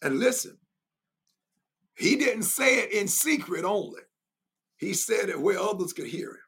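A man preaching in an emphatic, repetitive way, building his points through repetition. His voice is high and bright, with a gravelly, husky edge. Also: animated, unhurried. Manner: emphatic and repetitive, with bursts of laughter. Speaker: preacher and Bible teacher. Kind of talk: sermon-style teaching.

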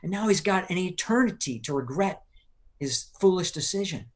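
A man's voice: high voice, expressive, moderate pace. An older man earnestly telling a personal testimony in an interview, urgent and acting out the people he quotes. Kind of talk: earnest storytelling in a live-streamed interview.

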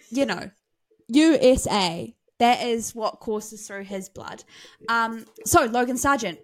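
A woman's voice: fairly high pitch, low-quality recording. A woman podcast host leading a segment in a mock news-reporter manner. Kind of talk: casual podcast chat.

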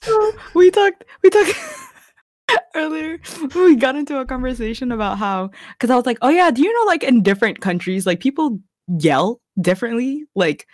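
A woman's voice: high voice, big pitch swings, normal speed, dry recording, clean studio sound. A young American woman co-hosting a casual podcast, rambling and giggling, with lots of "like" and swearing. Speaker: podcast co-host. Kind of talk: casual chat.

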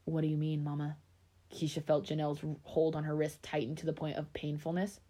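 A woman's voice: low voice, monotone, fairly quick, mellow. A woman reading a spooky children's story aloud, with small slips and restarts. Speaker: reader of scary stories.

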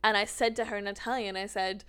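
Australian woman in her twenties, chatty podcast co-host, lively, swears freely, mid-pitched voice. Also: quick pace, clear, resonant tone. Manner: animated storyteller, swears freely, many "like" fillers. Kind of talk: casual chat.

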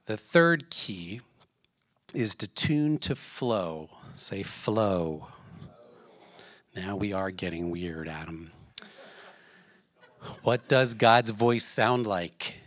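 A man's voice: lowish voice, lively intonation, slow, pauses often, a bit bright, dry recording. A man preaching a sermon in an earnest way, asking his listeners many questions. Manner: earnest, asks the audience questions.

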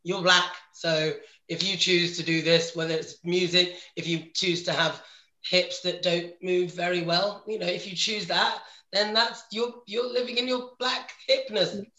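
A woman's voice: fairly low pitch, steady tone, measured pace, pushed and bright, roomy sound. A woman co-hosting a casual podcast panel, speaking in a playful, emphatic way. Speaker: podcast co-host.

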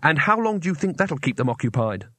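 A man's voice: on the high side, big pitch swings, quick pace, bright, forceful tone, dry recording, exaggerated voice. A man voicing a nervous, cowardly male wizard who speaks anxiously and with exasperation.

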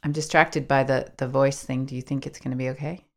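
Low, gravelly woman, podcast co-host, soft-spoken. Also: little pitch movement, fairly quick. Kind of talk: reflective podcast chat and reading. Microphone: podcast microphone.

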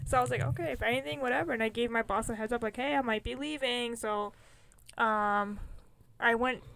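A young woman co-hosting a casual chat, telling stories with animated acted-out quotes. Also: on the high side, vocal fry. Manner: animated storyteller, acts out quotes with big jumps. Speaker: podcast co-host.

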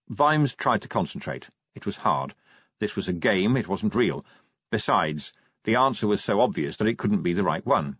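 A man narrating an audiobook in a steady storytelling manner. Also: fairly low pitch, normal speed, husky, no echo, muffled recording. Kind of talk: scripted narration.

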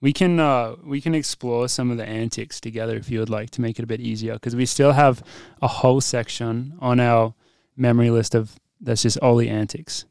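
A man's voice: mid-range voice, steady tone, brisk, creaky, hardly any pauses, darkish tone, clear, resonant tone, no room sound. Podcast host guy, laughs a lot, clean dry close sound. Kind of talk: casual chat.

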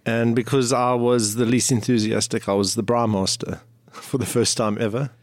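A man's voice: mid-range voice, fairly even intonation, moderate pace, no room sound, clean studio sound. A man telling a light story in casual podcast banter.

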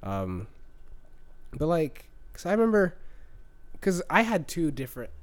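A man's voice: a little high, a little slow. A young man co-hosting a casual podcast, telling school stories with gaming jokes. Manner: animated storyteller with gamer jokes. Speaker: podcast co-host. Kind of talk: casual chat.

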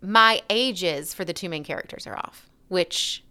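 A woman's voice: lowish voice, measured pace, pushed and bright, clean tone. A woman with an Alabama Southern accent co-hosting a book podcast, chatting casually and enthusiastically. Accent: Southern American, Alabama. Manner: enthusiastic, laughs often. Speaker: podcast co-host. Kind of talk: casual chat.

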